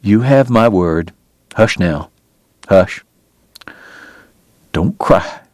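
An audiobook narrator voicing a dying gentle gambler who speaks softly and with resignation to the woman he loves. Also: mid-range voice, big pitch swings, slow, creaky, no room sound, full character voice. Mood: soothing. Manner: soft, resigned, soothing. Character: dying gentle gambler man, weary and tender.

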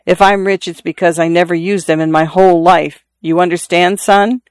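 In an earnest, confiding tone, a narrator voices a dying, wounded middle-aged farmer who talks to his son insistently, short of breath and repeating himself. The voice is medium-pitched, clear, and resonant, with fairly even intonation and a moderate pace. There's no room sound, and it comes across close to an everyday voice.

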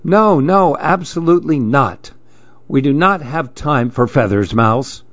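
A man voicing a fussy, busy male pigeon in a storybook reading, talking in brisk, impatient huffs. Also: fairly high pitch, lively intonation, no echo, muffled recording. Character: fussy, huffy male pigeon, always rushing. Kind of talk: storybook read-aloud.

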